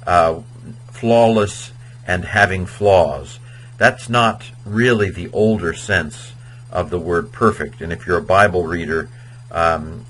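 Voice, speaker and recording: In an informal video lecture on Latin grammar, a man speaks with a low pitch and fairly bright tone, the audio poor and carrying slight background noise. He rambles chattily with lots of fillers, occasionally singing out verb endings in a sing-song way.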